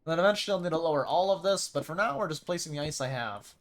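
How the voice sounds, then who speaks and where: Lively, rambling male game streamer. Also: fairly high pitch, fast talker, a little hiss or hum. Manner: rambling, excitable, repeats words when he gets going. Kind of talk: casual live gaming commentary.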